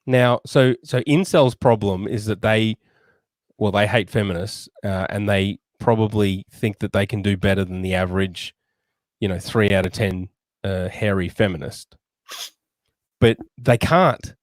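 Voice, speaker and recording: A middle-aged man with a fairly low voice, chatting crudely on a podcast with lots of swearing and laughter. The sound is close and dry. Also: fairly even intonation, moderate pace, no room sound. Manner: crude, profane, laughs often. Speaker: podcast co-host. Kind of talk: casual podcast chat.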